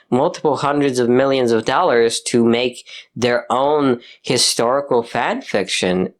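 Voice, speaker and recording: A young man ranting casually about films, exasperated and full of swearing and fillers. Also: mid-range voice. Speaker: commentator. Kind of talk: casual rant.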